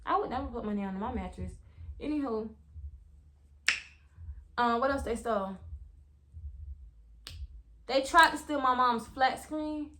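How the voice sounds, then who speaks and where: Young woman, story-time vlog, casual, animated, swears, talks to viewers. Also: fairly high pitch. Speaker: vlogger.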